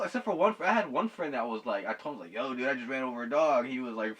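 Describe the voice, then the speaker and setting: A man's voice: sits high, quick pace, few pauses, bright, forceful tone. A young man telling a story casually to his viewers, slangy and swearing, laughing at his own tale. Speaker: vlogger. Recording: voice a bit far from the mic.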